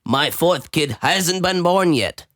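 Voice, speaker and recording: A man riffing in an improvised comedy chat, his put-on old-timey commoner accent drifting from one place to another. He speaks slowly, with a pitch that swoops up and down. The recording is close and dry. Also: lively intonation, fairly bright tone, dry recording. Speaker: podcast co-host.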